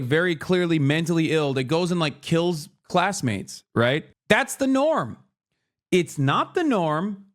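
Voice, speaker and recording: A man in his thirties giving a profane, sarcastic commentary rant as a streamer reacting to the news. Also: fairly high pitch. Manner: profane, sarcastic, mocking voices.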